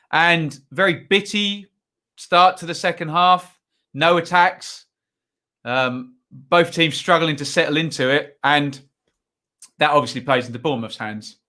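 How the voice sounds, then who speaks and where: A man's voice: a little high, a little slow, sharp tone. A man hosting a live football watchalong, giving chatty, rambling commentary full of asides and tag questions. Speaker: watchalong host.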